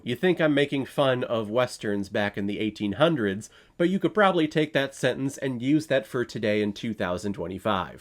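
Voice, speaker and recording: A man's voice: medium pitch, lively intonation, moderate pace. A man giving a casual, opinionated movie review, blunt, with sarcastic asides and the odd swear word.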